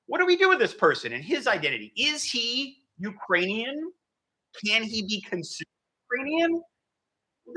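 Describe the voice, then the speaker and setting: A man giving an academic history lecture, animated and thinking aloud with frequent fillers. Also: high voice, low-quality recording.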